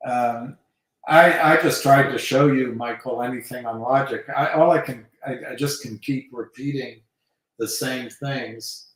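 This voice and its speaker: Guy rambling slowly on a live stream, lots of ums, far from the mic in a very echoey room. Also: medium pitch. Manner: rambling, hesitant, many fillers. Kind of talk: casual rambling talk.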